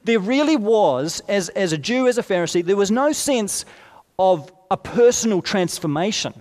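A man's voice: sits high, lively intonation, normal speed, darkish tone. A man preaching a sermon in a conversational, explanatory way, with asides and rhetorical questions. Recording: long hall reverb.

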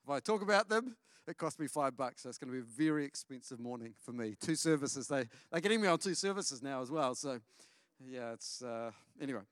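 In church, a middle-aged pastor delivers a sermon full of family anecdotes, livening it up by asking the congregation questions. He speaks in a mid-range voice at a slightly fast pace. There's no room sound, and the audio is studio quality.

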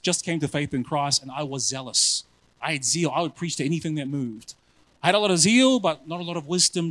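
A male preacher giving a sermon in an animated, self-mocking way, often calling his listeners family. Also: on the high side, low-quality recording.

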